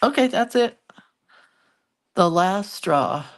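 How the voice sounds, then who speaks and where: Hosting a relaxed livestream on hand-lettering and doodling, a woman chats and muses aloud as she draws and reads comments from viewers. Her mid-range voice has lively intonation at a slow pace, with slight background noise.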